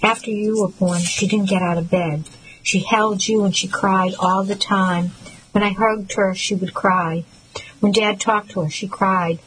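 A woman's voice: mid-range voice, fairly even intonation, a little slow, fairly bright tone, a little hiss or hum, natural voice, rough recording. A woman voicing a troubled grown brother in an audiobook, who slurs and mumbles through his tears. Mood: grieving. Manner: slurred, mumbling, tearful. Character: grieving troubled adult brother, slurred speech.

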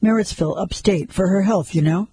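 A man's voice: high voice, a little fast, dark tone, slightly rough, no room sound, exaggerated voice. A man reading a weary, nervous man. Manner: short, hesitant replies.

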